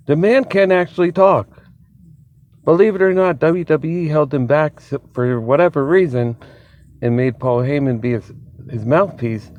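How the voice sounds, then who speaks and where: A man hosting his own channel, chatting excitedly in a casual solo commentary, laughing often and swearing freely, amped up on an energy drink. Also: medium pitch, dull audio. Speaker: wrestling commentary channel host.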